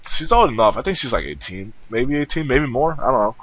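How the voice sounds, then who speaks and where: A man's voice: mid-range voice, big pitch swings, brisk, highs cut off, a crowd in the background. A man reading a game aloud as host of a let's play, stumbling over words and mocking himself. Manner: stumbling, self-mocking, laughing often. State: cold. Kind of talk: casual narrated game reading.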